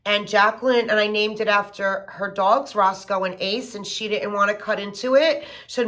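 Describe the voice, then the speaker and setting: A middle-aged woman chatting casually and gushing with excitement as she unboxes gifts for her vlog. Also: medium pitch, normal speed, few pauses. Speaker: home fragrance vlogger.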